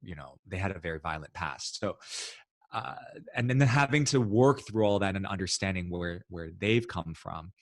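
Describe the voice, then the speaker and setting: A man from New City, a guest in an interview, talking in a reflective, halting way with frequent restarts. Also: deep voice, animated, no echo, clean studio sound. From New York City. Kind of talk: casual interview talk.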